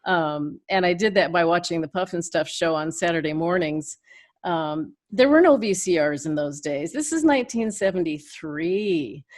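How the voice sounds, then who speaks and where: A woman's voice: fairly low pitch, expressive, normal speed, darkish tone. An older woman, a guest in an interview, telling chatty stories with frequent laughs. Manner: chatty, laughs between anecdotes. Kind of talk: casual interview storytelling.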